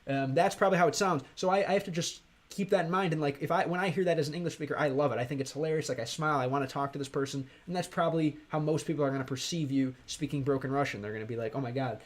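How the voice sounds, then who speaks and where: An American man from Chicago chatting casually on a livestream, rambling and halting, with many fillers and restarts. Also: on the high side. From Chicago, USA. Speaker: streamer and language learner.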